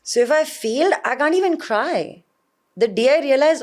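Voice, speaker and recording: An Indian woman, an actor, being interviewed and telling stories in an animated way with frequent laughter. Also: high voice, slow, long pauses. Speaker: guest, actor. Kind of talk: conversational interview.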